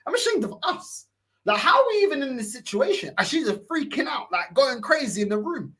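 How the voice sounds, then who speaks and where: Animated, husky-voiced young man. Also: extremely high pitch, fairly quick. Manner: animated storytelling, acting out quotes, laughs often. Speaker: podcast co-host. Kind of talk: casual chat.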